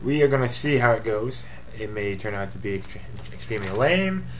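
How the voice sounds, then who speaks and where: A man's voice: lowish voice, sing-song, normal speed, a little hiss or hum. A man giving a casual webcam update as commissioner of his fantasy football league, offhand and rambling with jokey asides.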